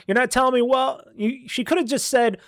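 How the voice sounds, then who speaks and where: A man's voice: extremely high pitch, fairly even intonation, moderate pace, no echo, studio quality. A man hosting a podcast, telling a long rambling story and acting out what others said in a raised voice. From Buffalo, New York. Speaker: podcast host. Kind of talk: casual monologue.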